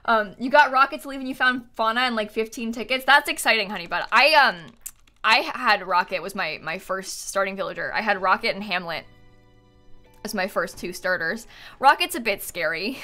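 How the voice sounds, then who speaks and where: A woman's voice: medium pitch, moderate pace, pushed and bright, faint music behind. A woman chatting casually on a live gaming stream, giggling often and thanking viewers as she plays.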